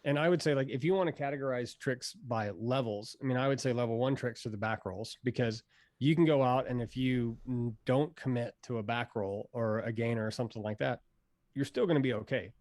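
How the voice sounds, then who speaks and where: Relaxed, rambling male pro rider. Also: medium pitch, a little fast, no room sound, clean studio sound. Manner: relaxed, rambling, many fillers. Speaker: pro hydrofoil rider, guest. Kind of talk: casual instructional interview.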